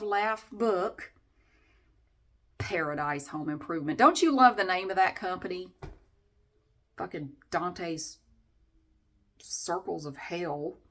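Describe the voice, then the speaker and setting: A middle-aged Southern woman ranting in a vlog, sarcastic and profane as she vents. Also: fairly high pitch. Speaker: vlogger.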